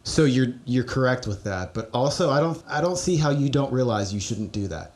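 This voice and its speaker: A man co-hosting a podcast, telling stories about playing music in an earnest, halting way. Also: medium pitch, expressive. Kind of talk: casual chat.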